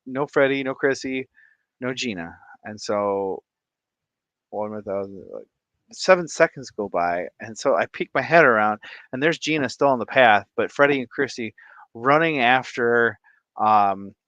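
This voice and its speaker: A man's voice: medium pitch, a bit bright, dry recording, muffled recording. A man vlogging who tells a rambling, casual story and laughs often mid-sentence. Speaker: fish-keeping vlogger.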